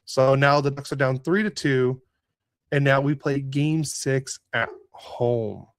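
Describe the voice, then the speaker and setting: A man's voice: mid-range voice, slow pace, dry recording. A man co-hosting a casual sports podcast, recapping a hockey game with a rambling, rueful manner, lots of fillers and restarts. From Southern California. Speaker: podcast co-host.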